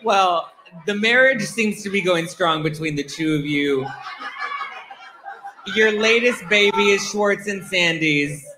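A man's voice: high-pitched, slow pace, noisy background. A man hosting a live interview at a bar venue, asking questions in an upbeat, teasing way. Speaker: podcast host.

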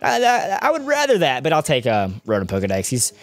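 A man's voice: fairly high pitch, wildly swooping pitch, a little fast, faint music behind. Chatty young man rambling over gameplay. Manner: rambling, chatty, goes off on tangents. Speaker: let's-play gamer. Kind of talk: video game commentary.

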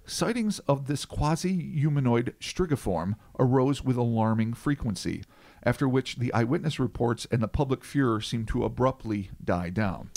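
A podcast host in his forties, an American man, reads through his research notes with a lively, wide-ranging voice. He keeps breaking off into profane, rambling asides before he returns to the page. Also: medium pitch, normal speed. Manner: profane, digressive asides between read passages. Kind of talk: casual podcast chat, reading notes.

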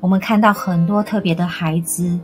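A woman giving a calm, earnest closing reflection that quotes scripture. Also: lowish voice, moderate pace. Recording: guitar music behind.

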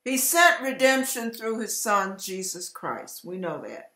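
A woman preaching an emotional sermon, fervent and emphatic, sometimes breaking into loud cries. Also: mid-range voice, sing-song, measured pace, roomy sound. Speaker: online preacher.

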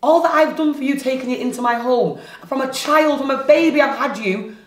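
A woman's voice: mid-range voice, lively intonation, fast talker, a little mellow, lightly acted. A teenage girl with a British accent playing a female barbershop owner who scolds the boy she raised. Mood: scolding. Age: teens. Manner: scolding, exasperated. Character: female barbershop owner, stern caring guardian. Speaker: amateur youth actor. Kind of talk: amateur drama acting. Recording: roomy, echoey room with faint noise.

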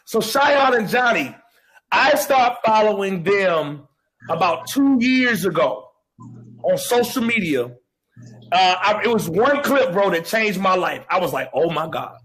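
A male host with a high, bright-sitting voice talks with exuberant energy. He exclaims and laughs freely as he introduces his guests, in a loose, excited live-show style. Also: unhurried, low-quality recording.

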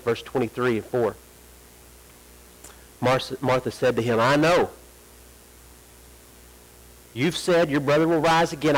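High-pitched preacher guy in a church, swells up and stretches out the prayer lines. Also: rough recording. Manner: preaching with rising emphasis, drawn-out quoted prayers. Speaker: pastor. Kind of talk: sermon. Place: church sanctuary.

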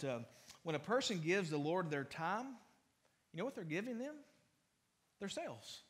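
A man's voice: high voice, a bit bright. A man pastor preaching a conversational sermon in a church, with frequent restarts and fillers. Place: church sanctuary.

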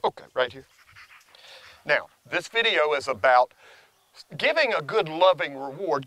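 Older male dog trainer, folksy and animated, voice a bit high, dry close sound. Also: measured pace. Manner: lively, folksy, praises the dog in a high sing-song. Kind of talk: casual outdoor training vlog.

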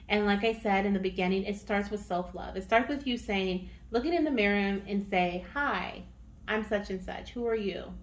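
A woman giving a tarot reading to her viewers, chatty and encouraging, often checking in with "okay?". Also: mid-range voice. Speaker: tarot reader.

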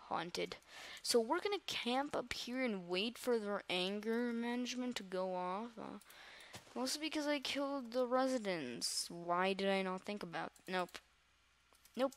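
A woman giving let's-play commentary to her viewers, excitable and dramatic, often repeating words in quick bursts. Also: mid-range voice. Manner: dramatic, talks straight to viewers. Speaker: gamer host.

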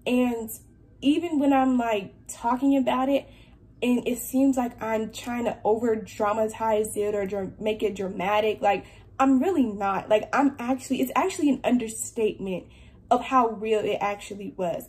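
A woman's voice: a little high, a little mellow. Earnest young woman telling her testimony. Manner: earnest, fills speech with "like". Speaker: believer sharing a testimony. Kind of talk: personal testimony.

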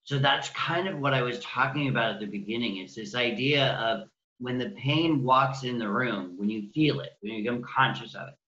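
A man speaking as a guest healing practitioner, gentle and compassionate, voicing kind words he would say to his own pain. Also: mid-range voice, moderate pace, roomy sound, dull audio. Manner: gentle, compassionate, acts out inner dialogue. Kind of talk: interview, conversational.

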